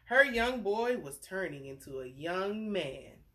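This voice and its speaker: A woman's voice: medium pitch, big pitch swings, slow, sharp tone. A woman reading a bedtime story aloud, chatting playfully with young listeners between the lines. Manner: playful character voices for the story's figures.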